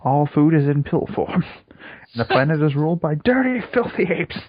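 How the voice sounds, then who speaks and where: Young male co-host, dry wit, husky, muffled lo-fi mic. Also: fairly high pitch, sing-song. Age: young adult. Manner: dry, wry, quick to joke. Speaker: podcast co-host. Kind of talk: casual comedy chat. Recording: dull, lo-fi sound.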